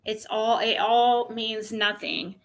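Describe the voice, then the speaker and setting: A woman's voice: a little high, steady tone, slow, creaky. A woman streamer chatting casually to her viewers, rambling, with many restarts. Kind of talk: casual chat.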